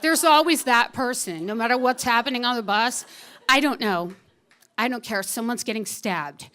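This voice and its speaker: A woman telling a true story on stage at a live story slam, lively and wry, often laughing as she talks. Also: on the high side.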